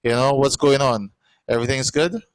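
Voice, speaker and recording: Man hosting a live stream, smooth clear voice, dry sound, chatty n encouraging. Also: medium pitch, normal speed, no room sound, rough recording. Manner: chatty and encouraging, many fillers. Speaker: host. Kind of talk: hosting a live online show.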